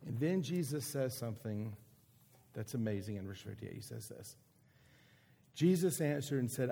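A man preaching an earnest, emphatic sermon with dramatic pauses. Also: medium pitch, lively intonation, vocal fry, mellow. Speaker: pastor.

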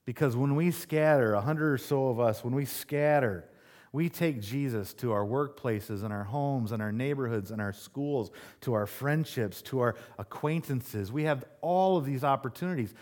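A man pastor giving a conversational sermon, telling stories and getting more animated as he goes. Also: moderate pace. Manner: conversational preaching, storytelling, rises in pitch when animated.

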